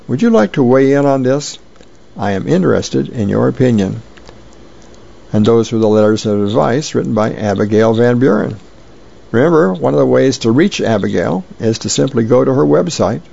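Man, newspaper reader, gravelly and mellow, lo-fi. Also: medium pitch. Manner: plain, unhurried reading with occasional hesitations. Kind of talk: reading aloud newspaper columns and comics.

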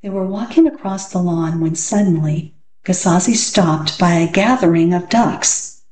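A woman reading children's picture books aloud in a gentle, expressive way. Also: on the low side, a little slow, reverberant, rough recording. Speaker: storybook reader.

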